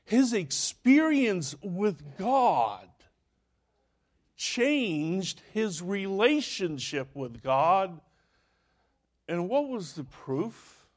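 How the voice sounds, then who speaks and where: Animated male preacher with a lively high voice. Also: very slow. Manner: animated storytelling, acting out quoted voices. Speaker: pastor. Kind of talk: sermon.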